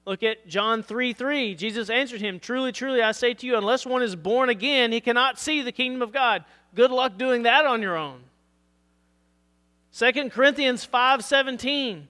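A man preaching a sermon as pastor, reading scripture aloud and checking in with his listeners, his voice going hoarse. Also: very high voice, moderate pace, bright, forceful tone, big-room sound. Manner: earnest preaching, reads scripture aloud, asks "All right?". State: losing his voice.

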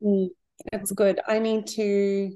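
A woman's voice: mid-range voice, level tone, takes it slowly, mellow. A woman guest on a podcast, talking openly and reflectively in a casual chat, with small laughs and trailing phrases. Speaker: podcast guest, creative business owner.

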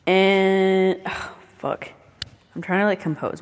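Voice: medium pitch, steady tone, slow pace, smooth, in a large hall. A young speaker in their twenties with a Southern US accent, rambling casually and swearing often while moving around their bedroom. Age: 20s. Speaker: vlogger.

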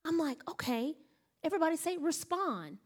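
High-voiced woman preaching a story sermon. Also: sing-song, normal speed. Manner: storytelling, acts out quoted voices. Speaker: pastor.

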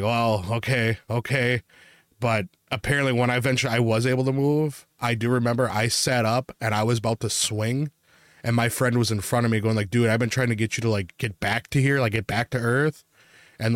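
A man's voice: lowish voice, no echo, studio quality. A man, a podcast co-host, telling a personal ghost story in a casual, profane, rambling way.

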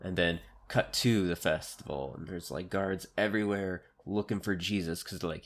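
A man's voice: low-pitched, moderate pace, hardly any pauses. A man co-hosting a podcast in casual chat, rambling and hesitant, with many restarts. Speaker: podcast co-host.

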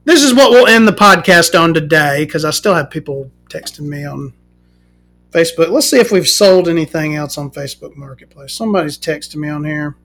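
A woman hosting a podcast, ranting casually and swearing, swinging from loud outbursts to muttering. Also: sits low, a little fast, slight background noise. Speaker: podcast host.

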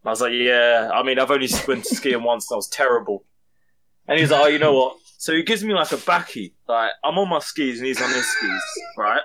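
A man's voice: medium pitch, a little fast, pushed and bright. A young man, a podcast co-host animatedly telling a story among friends, swearing and laughing as he goes.

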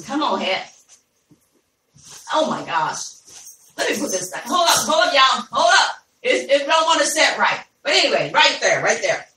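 A woman's voice: sits high, big pitch swings, normal speed, bright, forceful tone. A woman hosting a live podcast, chatting casually with listeners, calling them y'all and laughing easily. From Ohio, USA. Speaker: podcast host. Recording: echoey room, voice from a distance.

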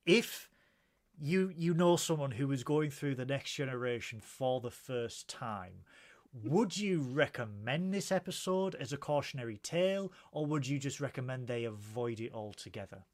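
A man co-hosting a show in casual chat, animated and talkative, reading out viewer comments. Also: mid-range voice, normal speed. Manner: chatty, animated, reads viewer comments aloud. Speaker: co-host.

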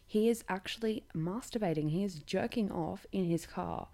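A woman's voice: medium pitch, moderate pace, warm tone. A young Australian woman hosting a podcast, telling a night-out story in blunt, sweary casual chat with laughing asides. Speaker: podcast host.

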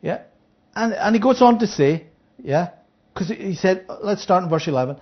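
A Bible teacher runs an interactive study at a fairly quick clip, often asking listeners to follow along and checking in with a "Yeah?". Their pitch rises and falls in an animated way as they act out the characters in the parable. The audio is dull and lo-fi.

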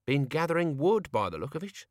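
A man voicing a grumpy old male servant who frets and complains in rough everyday speech. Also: on the high side, very animated, brisk, dry recording, clean studio sound, voice pushed up. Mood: complaining.

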